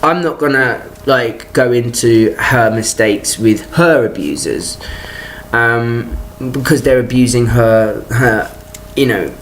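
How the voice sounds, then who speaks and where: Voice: medium pitch, takes it slowly. A vlogger ranting to the camera about a personal grievance, swearing freely and exasperated throughout. The talk comes in choppy bursts, with words restarted and sentences abandoned midway. There is a faint background hiss under the voice. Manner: profane, exasperated storytelling; talks in stop-start bursts with restarts.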